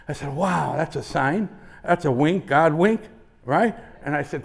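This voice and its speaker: High, gravelly keynote storyteller. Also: male voice, animated, normal speed. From Indiana. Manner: punchy storytelling, jumps from hushed asides to loud outbursts. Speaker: motivational speaker. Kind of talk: keynote speech. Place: conference stage before a live audience.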